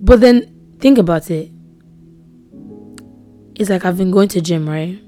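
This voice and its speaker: A woman's voice: lowish voice, measured pace, soft background music. A young woman hosting a devotional podcast, talking earnestly and repeating phrases, sometimes dropping to a whisper for emphasis. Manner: earnest, repetitive, drops to soft whispers for emphasis. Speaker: podcast host.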